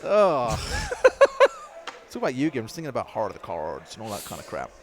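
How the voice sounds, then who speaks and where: A British man co-casting an esports match, joking and chatting with his partner between rounds. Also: medium pitch. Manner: lively, jokey and quick-talking. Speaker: esports caster. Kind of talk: casual co-caster banter.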